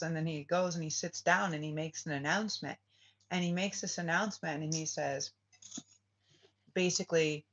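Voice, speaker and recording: Spiritual vlogger, casual storytelling, rambling, profane, mid-pitched voice, dull lo-fi recording. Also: a bit bright. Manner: rambling, swears often, says right? a lot, restarts phrases. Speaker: spiritual reader and channel host. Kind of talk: casual spoken storytelling vlog.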